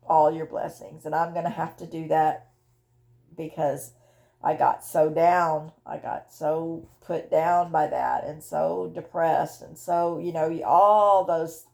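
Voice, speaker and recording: An older woman speaks slowly in a low, gravelly voice, recording a personal grief vlog. She is emotional and halting, circling back and repeating words as she finds her way. Her delivery is unhurried and heartfelt. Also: dark tone. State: widowed, tearful. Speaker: vlogger sharing her grief journey.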